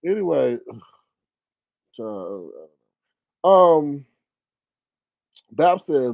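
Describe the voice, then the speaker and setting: A man's voice: mid-range voice, sing-song, slow pace, gravelly, long pauses, a little mellow, no echo. A man hosting a live stream, chatting casually with his viewers as he reads comments aloud, exclaiming and laughing often. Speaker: live stream host reading chat.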